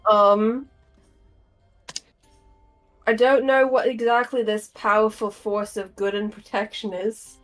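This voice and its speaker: A woman's voice: medium pitch, level tone, slow, long pauses, a bit bright, soft background music, low-quality recording. A woman playing a tabletop game, casually thinking aloud over her notes with many fillers. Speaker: player and note taker.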